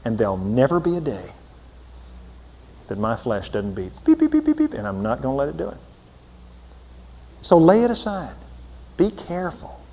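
A man preaching a folksy sermon, swinging from loud emphatic lines to low intense asides. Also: very animated, moderate pace, long pauses. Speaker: pastor. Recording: long hall reverb.

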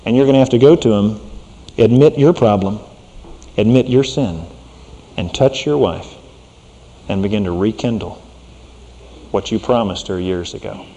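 A middle-aged man preaching a sermon as a pastor, folksy and conversational, dropping to a hushed tone for serious points. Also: on the low side, a little slow, pauses often, in a large hall.

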